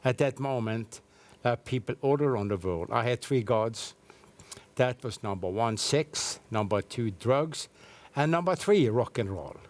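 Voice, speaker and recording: A man's voice: mid-range voice, lively intonation, unhurried, darkish tone. Guy, middle-aged, telling his story on a tv studio interview, slightly broken english. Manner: earnest storytelling with slightly non-native English. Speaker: evangelist guest. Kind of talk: personal testimony in a studio interview.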